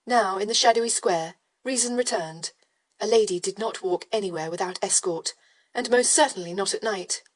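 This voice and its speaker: Woman narrator, audiobook, steady measured read, mid pitch. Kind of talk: scripted narration.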